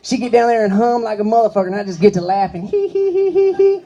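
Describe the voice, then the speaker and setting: A man voicing an old lecherous man who breaks into high giggles. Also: fairly even intonation, very fast, warm tone, lo-fi sound, a little hiss or hum, close to an everyday voice. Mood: gleeful. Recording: live comedy club crowd.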